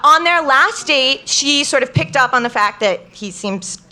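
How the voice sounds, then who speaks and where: A young woman telling a comic story on stage to a live crowd, chatty and full of "like", quoting people in lively bursts. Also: sits high, unhurried. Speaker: guest storyteller.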